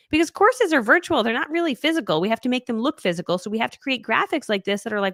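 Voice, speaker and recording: A middle-aged woman giving a live online business training, chatty and animated, acting out little back-and-forth dialogues as she teaches. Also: a little high, fast, few pauses, dry recording, studio quality.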